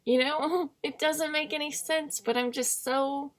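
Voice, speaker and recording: A woman's voice: high voice, fairly even intonation, unhurried. A young woman vlogging in a candid, rambling monologue, self-deprecating and often trailing off into murmurs.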